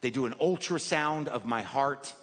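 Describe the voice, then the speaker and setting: Neurotic fifty-something comedian on a live stage. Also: male voice, medium pitch, normal speed. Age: 50s. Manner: neurotic, self-deprecating rambling with acted-out asides. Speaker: stand-up comedian. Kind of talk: stand-up routine. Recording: live stage recording with hall reverb and audience noise. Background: audience laughter.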